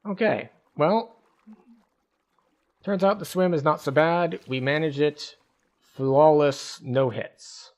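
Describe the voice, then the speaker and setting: A man streaming a video game, giving relaxed, casual commentary and thinking aloud as he plays. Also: a little high, slow, pauses often.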